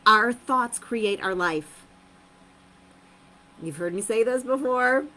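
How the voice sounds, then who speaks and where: Bright, lively motivational woman. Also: a little high, slow pace, poor audio. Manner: upbeat, emphatic, repeats phrases, laughs often. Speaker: motivational host of a live stream. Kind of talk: live-streamed motivational talk.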